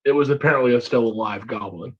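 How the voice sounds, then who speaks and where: A man narrates a tabletop fantasy adventure as the game master, his descriptions lively and vivid. His voice sits in a middle pitch, and the mic sounds dull and lo-fi. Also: fast, breathy edge. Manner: descriptive, energetic storytelling.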